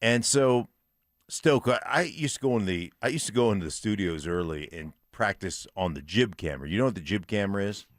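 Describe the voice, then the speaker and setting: A man co-hosting a sports radio show, telling a lively story in casual chat and shouting out quoted lines. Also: on the low side, brisk, dry recording, studio quality. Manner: animated storyteller, loud put-on shouts. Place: radio studio.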